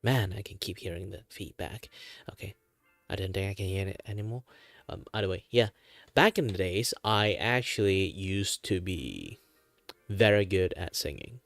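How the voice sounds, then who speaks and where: Male livestreamer from Malaysia: easygoing, rambling talker with a relaxed low voice, lots of chuckles and fillers, faint music under him. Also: moderate pace, vocal fry, no room sound. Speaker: VTuber art streamer. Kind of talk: casual chatty livestream talk.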